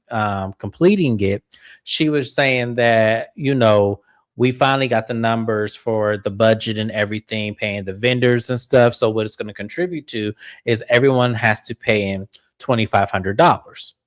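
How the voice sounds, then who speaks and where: A man hosting a casual recap of a reality show, frank and swearing freely, acting out quoted lines with big jumps in pitch. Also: normal speed, no echo.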